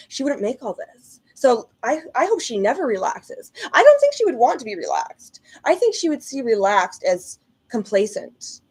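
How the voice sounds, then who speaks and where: A woman's voice: medium pitch, darkish tone, breathy edge. A woman vlogger giving blunt, chatty reaction commentary between clips. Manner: blunt, protective, chatty asides.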